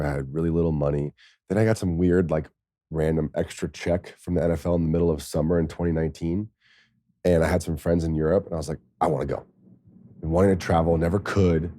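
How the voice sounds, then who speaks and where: A man with a low, dark voice tells a personal story as a podcast guest. He rambles in an animated way and leans on "like" as filler. The sound is dry and close. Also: dry recording. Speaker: interview guest, former NFL tight end. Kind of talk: candid storytelling.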